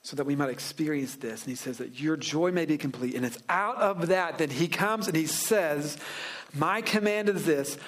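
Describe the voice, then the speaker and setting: A pastor preaching a sermon in a relaxed, joking way, slowing down to stress key phrases. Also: male voice, a little high. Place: church sanctuary.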